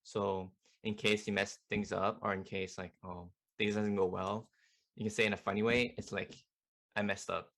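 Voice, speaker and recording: A young man with a fairly low voice gives a relaxed online language lesson. He talks in a loose, chatty way, full of "like" and "you know", as a student club tutor. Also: normal speed.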